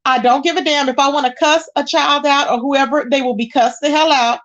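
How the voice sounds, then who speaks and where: A woman's voice: high-pitched, fairly even intonation, fairly quick, fairly bright tone, muffled recording. A woman hosting a casual livestream, greeting viewers and chatting while she searches her screen. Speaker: livestream host.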